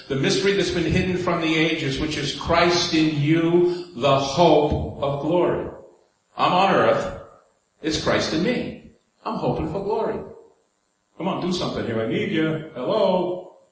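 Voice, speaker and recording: A man's voice: fairly high pitch, unhurried. A man with a New York accent preaching a sermon in a conversational way, putting rhetorical questions to the congregation. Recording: very echoey hall, faint room noise.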